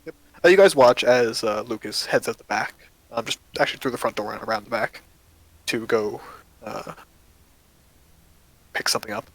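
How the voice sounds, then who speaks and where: A man narrating as game master in a loose, relaxed storytelling manner. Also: medium pitch, moderate pace, long pauses, no room sound, rough recording.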